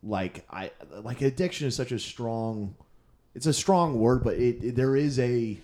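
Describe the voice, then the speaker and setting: A man's voice: medium pitch, unhurried, warm tone. A male comedian in casual conversation, talking candidly and restarting his sentences often. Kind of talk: casual podcast chat.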